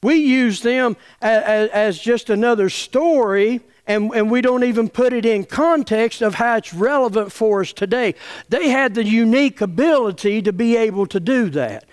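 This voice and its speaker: A man's voice: extremely high pitch, normal speed, clean tone. A man preaching an earnest, impassioned sermon as a pastor in a church.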